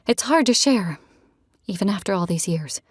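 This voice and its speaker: A woman's voice: medium pitch, animated, moderate pace, slightly rough, no echo, clean studio sound. A woman voicing a guarded, competitive young woman with short, clipped replies, in an audiobook reading.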